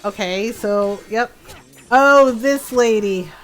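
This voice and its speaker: Giggly, high-voiced woman streamer chatting. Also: slow pace, soft background music, poor audio. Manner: chatty, laughs often, acts out quotes. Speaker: streamer playing a game. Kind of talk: casual gameplay chat.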